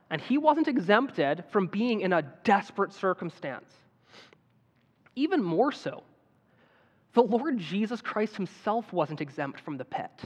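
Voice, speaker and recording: A man preaching a sermon in an earnest manner that builds to emphatic appeals. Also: high voice. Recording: dull sound with long hall reverb.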